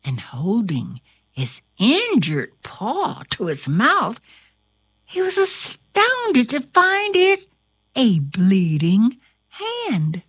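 A woman's voice: a little high, huge pitch swings, very slow, fairly bright tone, slightly rough, dry recording. A woman reading a storybook aloud with theatrical flair, dropping to whispers and rising to cries, then chatting with her listener.

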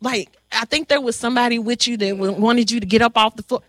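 A woman's voice: a little high, dry recording. Woman moderator telling a story, lots of ums, gets worked up, dry close sound. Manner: animated, halting with fillers, emotional. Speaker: panel moderator. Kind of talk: emotional storytelling to an audience.

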